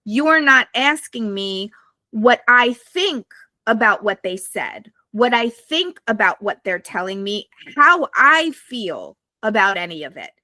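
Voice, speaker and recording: Blunt, profane woman with a bright voice. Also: fairly high pitch, sing-song, slow, no room sound. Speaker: podcast guest. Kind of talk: candid storytelling to a live audience. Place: live podcast recording.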